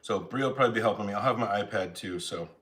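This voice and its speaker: Rapid-fire and a bit bright, his fairly low voice carries rambling, self-mocking chatter as he eats. He's streaming live from home through a phone.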